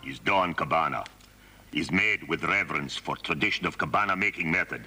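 A man's voice: extremely low pitch, brisk, sharp tone, husky, faint music behind, exaggerated voice. A man voicing a grandly boastful old-world cabana maker in a comic ad, with a heavy put-on accent and broken English. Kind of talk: comic radio ad.

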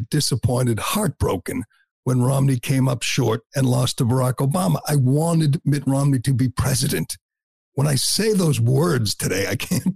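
A middle-aged man with a gravelly, husky voice delivers a talk-show monologue. He is blunt and combative, openly scornful as he lays out his opinions. His voice sounds dry and close, with no room around it. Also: medium pitch, a little mellow, no room sound.

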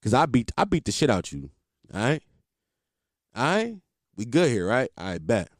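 A man's voice: mid-range voice, big pitch swings, normal speed, no room sound, clean studio sound. A young man telling comic stories in a loose, slangy way, laughing often and swearing freely. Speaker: comedian. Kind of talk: casual comedic storytelling.

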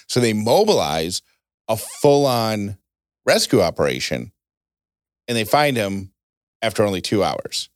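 A man hosting a casual chat show, telling stories with a voice that jumps high for emphasis. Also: very animated, unhurried, long pauses, no room sound, clean studio sound. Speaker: podcast host.

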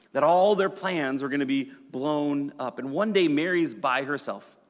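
A male pastor preaching a sermon in a conversational, storytelling way, swinging from loud to hushed. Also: a little high. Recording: long hall reverb.

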